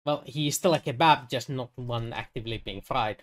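A hesitant male game master narrates a tabletop game, his narration full of fillers. His voice is medium-pitched and brisk.

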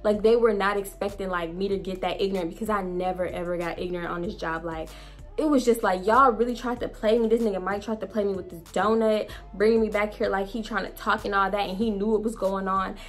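A woman's voice: medium pitch, quick pace, soft background music. Blunt, profane young woman telling a story. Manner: blunt, profane, animated retelling. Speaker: vlogger. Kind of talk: storytime vlog.

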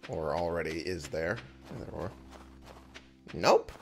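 Sleepy low-voiced man narrating gameplay. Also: big pitch swings, slow pace, faint music behind. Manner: chatty, thinks aloud, chuckles often. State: sleepy, yawning. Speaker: let's play gamer. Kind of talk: casual gameplay commentary.

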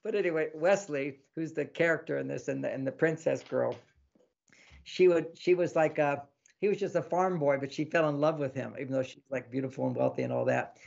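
A man, an author of relationship books, giving casual advice as a podcast guest, animated and fond of acting out little quoted exchanges with a laugh. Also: fairly high pitch, brisk, creaky, muffled recording. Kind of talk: casual advice talk in an interview.

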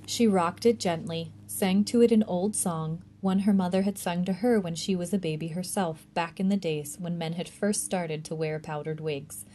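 A woman librarian reading a chapter book aloud for a tween storytime, gentle and even. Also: on the low side, moderate pace, hardly any pauses, a little hiss or hum.

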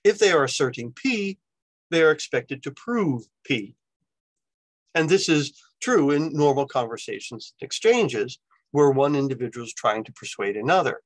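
A man lecturing in a relaxed, conversational way, checking in with his listeners by tacking "right?" onto his points. His voice sits in a middle pitch, and the recording is dry and close. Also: dry recording, rough recording. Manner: conversational, often adds "right?" as a tag. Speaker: university lecturer.

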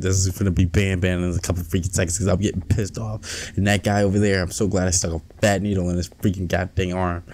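Excitable gaming streamer man, low voice. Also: slight background noise. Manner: excitable, talks to his in-game companion, trash-talks. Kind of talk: let's play commentary.

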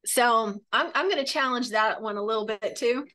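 A woman in her late forties from Florida, a real estate coach chatting in an upbeat, animated way. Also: on the high side, normal speed. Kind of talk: casual coaching conversation.

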